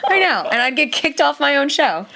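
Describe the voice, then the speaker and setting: A woman's voice: high-pitched, big pitch swings, brisk, gravelly, noisy background. A woman co-hosting a podcast in casual chat, telling stories and acting out other people's lines with frequent laughter. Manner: chatty storyteller, acts out quoted dialogue. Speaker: podcast co-host.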